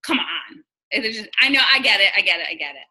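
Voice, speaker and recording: A woman's voice: mid-range voice, animated, quick pace, pushed and bright, rough recording. A woman in her thirties from New York, a sales team leader coaching her team in casual, blunt talk and acting out conversations. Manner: chatty, blunt, acts out quoted dialogue.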